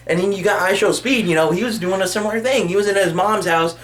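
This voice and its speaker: A young man ranting casually as a vlogger, rambling and excitable with lots of slang. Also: high-pitched, fast, few pauses. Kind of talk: casual motivational rant.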